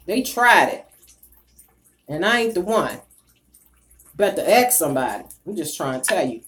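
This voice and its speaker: A woman hosting a casual live stream, reading the chat and ranting bluntly, with heavy cursing and bursts of loud laughter. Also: lowish voice, moderate pace. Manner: profane, blunt and animated.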